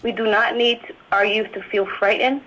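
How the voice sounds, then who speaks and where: A young woman from Alaska reading prepared testimony at a hearing in an earnest, steady way. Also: fairly high pitch, moderate pace, dull audio. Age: young adult. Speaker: public testifier.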